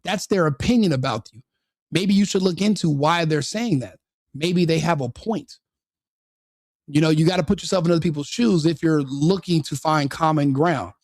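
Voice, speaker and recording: Man, stream host, fairly high voice, dry close sound, repetitive rhetorical commentary. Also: normal speed, a little mellow, no echo. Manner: repetitive, restarts phrases, rhetorical questions. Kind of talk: opinionated live-stream commentary.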